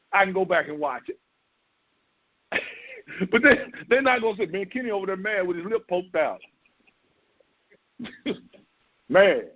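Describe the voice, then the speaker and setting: Pastor, male, very high voice, emphatic conversational sermon, dry slightly muffled sound. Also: no echo. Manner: emphatic, conversational preaching with repeated phrases.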